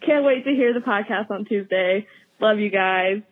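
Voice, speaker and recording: A woman's voice: medium pitch, normal speed. A woman leaving an emotional, rambling voicemail for a podcast she loves. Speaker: caller. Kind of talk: voicemail message. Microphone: phone. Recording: tinny phone line.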